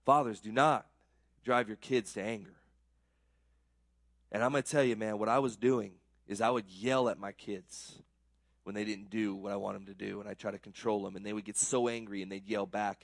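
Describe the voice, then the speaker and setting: A man's voice: on the low side, steady tone, moderate pace, creaky, no room sound, clean studio sound. A man giving a conversational sermon, earnest and self-deprecating, often repeating words as he gets worked up. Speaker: pastor.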